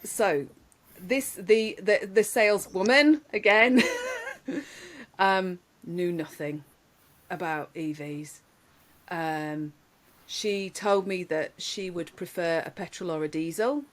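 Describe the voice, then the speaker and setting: A woman, telling lively anecdotes in casual podcast chat, laughing often. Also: lowish voice, takes it slowly. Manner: animated storyteller, laughs often, many restarts. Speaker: podcast guest.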